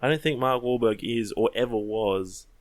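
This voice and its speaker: A man's voice: mid-range voice, normal speed, no echo. A man co-hosting a podcast, giving dry, blunt opinions in casual chat. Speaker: podcast co-host.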